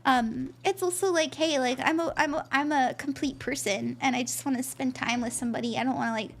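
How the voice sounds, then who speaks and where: A woman's voice: high voice, steady tone, fairly quick. A woman hosting a live stream, chatting in a bubbly way and thanking viewers by name as a tarot reader. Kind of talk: casual live-stream chat.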